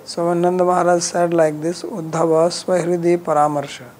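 A man teaching scripture verse by verse. He recites each verse in Sanskrit and then explains it in simple, measured English, often restarting his sentences. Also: a little high, flat delivery, rough recording. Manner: drops softer at phrase ends, with frequent restarts.

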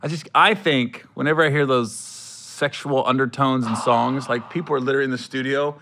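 A male comedian hosting a podcast, telling stories in animated, laughing banter. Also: mid-range voice, brisk, vocal fry, a little hiss or hum.

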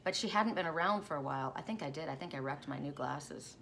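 A woman's voice: sits low, fast, gravelly, fairly bright tone, a little hiss or hum. A middle-aged woman, a tarot reader, telling a personal dream story in a rambling, self-interrupting way. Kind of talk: casual spoken storytelling.

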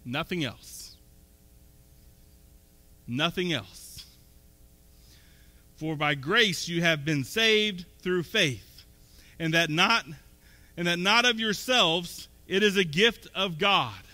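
A man preaching in a church sanctuary, his high, very bright voice carrying a long hall echo. He moves between easy, conversational talk and emphatic, rising points. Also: slow pace. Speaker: pastor. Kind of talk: sermon.

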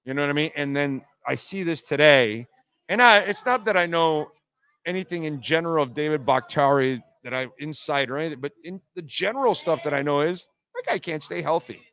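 A man's voice: a little high, animated, a little fast, a bit bright, smooth. Blunt rambling male radio host. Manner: blunt, rambling, frequent fillers and restarts. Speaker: sports talk radio host. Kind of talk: casual talk radio monologue. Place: casino venue, live broadcast.

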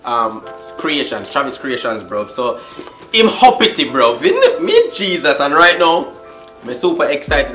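A young YouTube vlogger with a pushed, bright, mid-range voice unboxes something on camera. His chatter is hyped and slangy, packed with catchphrases and free swearing.

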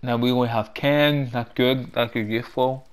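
A man giving gameplay walkthrough commentary in a mid-pitched voice, chatty and talking half to himself. His English is loose and halting, and he bursts into excitement as things go his way. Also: clean tone. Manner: loose, halting non-native English phrasing. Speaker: gaming channel host.

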